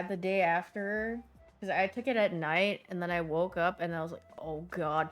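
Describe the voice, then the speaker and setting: A young woman streaming, chatting casually with her viewers and telling stories with lively voiced reactions. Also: medium pitch.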